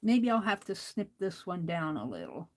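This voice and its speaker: A woman's voice: on the low side, huge pitch swings, normal speed, rough recording. An older woman hosting a crafting livestream, talking to herself as she works and chatting with viewers, laughing often. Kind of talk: casual crafting chat while reading viewer comments.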